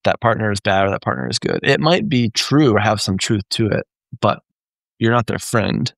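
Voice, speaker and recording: Gravelly low-voiced male therapist. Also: big pitch swings, normal speed, dry recording. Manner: conversational, often checks in with "right?". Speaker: therapist and trainer. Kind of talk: live Q&A teaching.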